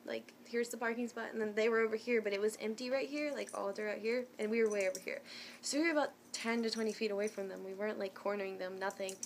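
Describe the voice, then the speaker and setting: A woman's voice: mid-range voice, creaky, a little hiss or hum. A young woman telling a personal story to her viewers in a casual, chatty way. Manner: chatty and animated, many fillers and restarts.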